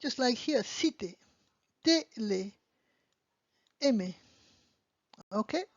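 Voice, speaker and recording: Slow, patient woman teaching a lesson. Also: on the high side, animated, no room sound. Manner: patient, repeats "okay?" to check understanding. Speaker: French teacher. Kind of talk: slow beginner language lesson. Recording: dull lo-fi dry sound.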